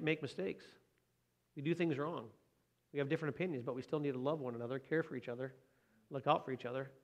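A man preaching a sermon in a conversational way, often asking his listeners questions. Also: mid-range voice. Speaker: pastor.

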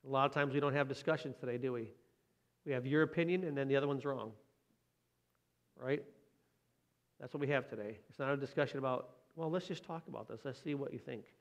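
A man's voice: mid-range voice, a little fast, long pauses. A man preaching a sermon in a conversational way, often asking his listeners questions. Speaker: pastor.

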